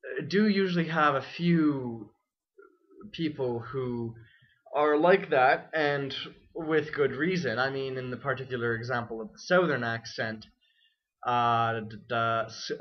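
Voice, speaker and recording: Speaking slowly at medium pitch, a young man who's a student rambles through a casual vlog with wry, self-deprecating humor. It's recorded on dull, lo-fi webcam audio.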